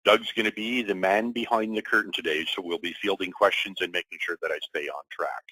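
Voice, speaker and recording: A middle-aged man presenting a business webinar in a friendly, relaxed way, with frequent fillers. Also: low-pitched, brisk, breathy edge, dry recording, low-quality recording.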